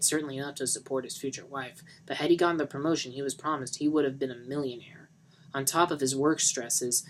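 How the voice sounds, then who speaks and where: A man reading a novel aloud in a dry, even narrating manner. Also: mid-range voice, poor audio. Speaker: reader of a novel.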